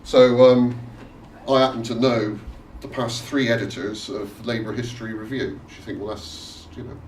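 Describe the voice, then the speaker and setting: A man's voice: medium pitch, steady tone, normal speed, darkish tone. A man giving a chatty, loosely structured history talk, with frequent fillers and restarts. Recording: echoey room, distant mic, faint noise.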